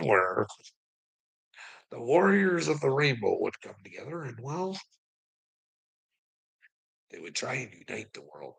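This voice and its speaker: A man's voice: mid-range voice, vocal fry, sharp tone, breathy edge. A man ranting profanely at someone, mocking and angry, with laughs between lines. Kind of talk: ranting livestream talk.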